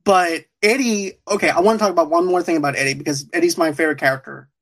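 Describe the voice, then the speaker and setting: A man's voice: on the high side, fairly even intonation, fast talker, a bit bright. A man hosting a podcast, reviewing a TV show in casual chat, rambling and laughing often. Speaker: podcast host.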